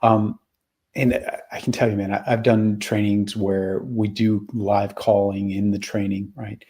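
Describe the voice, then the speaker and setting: A man's voice: on the low side, little pitch movement, measured pace, mellow, slightly rough. A man hosting a conversational interview, talking casually and hesitantly with fillers. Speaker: host.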